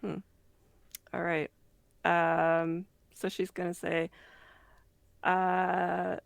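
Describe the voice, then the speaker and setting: A woman playing a tabletop game, unhurried and hesitant as she thinks aloud. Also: fairly low pitch, completely flat delivery, creaky, dry recording. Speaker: player.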